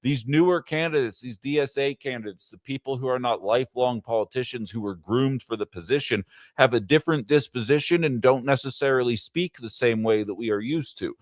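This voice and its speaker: A man's voice: medium pitch, brisk, few pauses, no echo, clean studio sound. A man hosting a casual political livestream, talking in a rambling way with fillers and asides to his chat. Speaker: livestream political show host.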